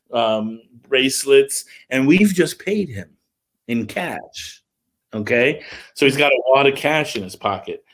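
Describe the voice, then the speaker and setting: A middle-aged man, a music promoter, casually telling an animated story on a livestream call, with lots of filler words. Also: mid-range voice.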